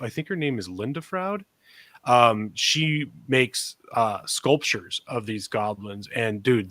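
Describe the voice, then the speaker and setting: Man in his forties, podcast co-host, rambling storyteller, dry close sound, mid pitch. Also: pushed and bright, dry recording. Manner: rambling, laughs often, restarts. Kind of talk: casual podcast chat.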